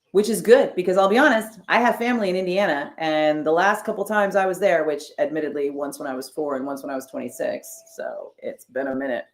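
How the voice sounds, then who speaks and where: A woman streamer chatting casually as she reads out and answers her viewers' messages, with wry, sarcastic asides. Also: low-pitched. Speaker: streamer reading chat. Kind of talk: casual chat. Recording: roomy echo.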